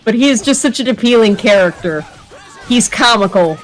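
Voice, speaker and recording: A woman's voice: on the high side, expressive, moderate pace, over music. Giggly woman chatting on stream. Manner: chatty and giggly, long explanatory tangents. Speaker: stream co-host. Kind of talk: casual chat over a game stream.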